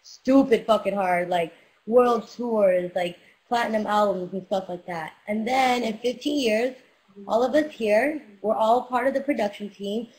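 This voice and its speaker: A woman's voice: fairly high pitch, measured pace, darkish tone, low-quality recording. A young woman rapper chatting casually with fans on a livestream, hyped and profane, giving motivational talk into a webcam mic.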